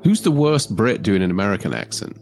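A man's voice: fairly low pitch, big pitch swings, a little fast, a little mellow, faint music behind. A man hosting a casual watchalong, chatting animatedly about a film with frequent restarts. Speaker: host.

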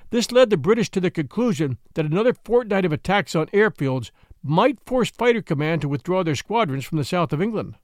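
A male history narrator with a high voice reads a script. He explains events and lists figures in a lively, swinging delivery. The recording is dry and close. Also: no room sound. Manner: explanatory, reading out figures and dates. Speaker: history podcast host.

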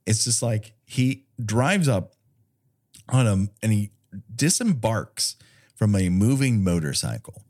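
A man's voice: fairly low pitch, expressive, takes it slowly, darkish tone. A man co-hosting a podcast, chatting casually about a movie with sarcastic, profane jokes and mocking put-on quotes. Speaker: podcast co-host. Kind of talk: casual movie-review chat.

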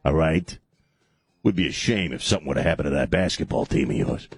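A radio host voicing a menacing Italian-American mobster with an exaggerated fake Italian accent, low and threatening. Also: male voice, a little fast, husky, no room sound, exaggerated voice. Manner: threatening, mocking.

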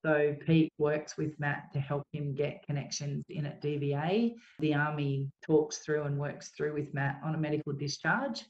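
Woman guest, earnest and halting, roomy and dull recording. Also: sits low, level tone. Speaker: interview guest. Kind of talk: emotional personal account.

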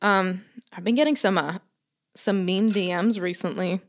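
A woman with a mid-range voice co-hosts a podcast, chatting casually at a moderate pace in a steady tone. She rambles, laughs often and swears freely.

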